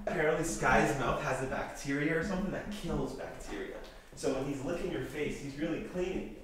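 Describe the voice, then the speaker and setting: A young man bantering loudly with his roommate, joking and laughing often. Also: on the high side, a little fast, crowd noise. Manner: loud, jokey, laughs often. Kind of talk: casual banter. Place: shared house, indoors. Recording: echoey room with noise.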